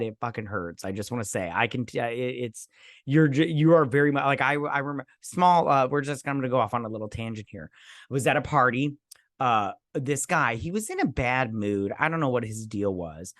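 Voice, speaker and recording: Drinking as he goes, another podcast co-host of the movie review show rambles and swears, acting out scenes loudly in a mid-range, fairly bright voice. It's casual chat, captured in a dry, clean studio recording.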